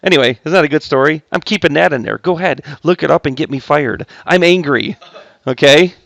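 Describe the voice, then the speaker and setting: A man's voice: a little high, fast talker, gravelly, fairly bright tone, no echo. Joking male math teacher in class. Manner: chatty, joking asides to students. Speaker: high school math teacher. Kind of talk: recorded classroom lesson.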